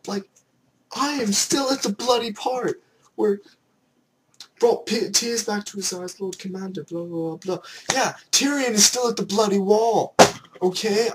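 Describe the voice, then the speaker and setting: A young man from Canada ranting excitedly in a vlog, slipping into mock voices as he goes. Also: high voice, unhurried, slight background noise. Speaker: vlogger.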